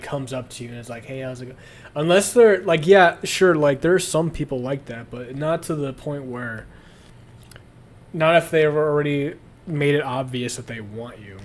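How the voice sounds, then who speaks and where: A young man chatting casually on a livestream, crude and rambling, often breaking into laughter. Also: fairly high pitch. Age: young adult. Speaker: streamer.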